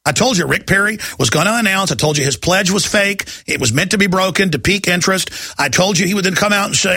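A man's voice: high-pitched, quick pace, hardly any pauses, bright, forceful tone, breathy edge, no echo. A man hosting a talk radio show, ranting and mocking his targets with sarcasm. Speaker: radio host.

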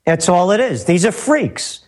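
A man's voice: high-pitched, very animated, measured pace. A man who is a guest on a talk radio show, speaking in a scornful, sardonic, lecturing way. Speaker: guest commentator.

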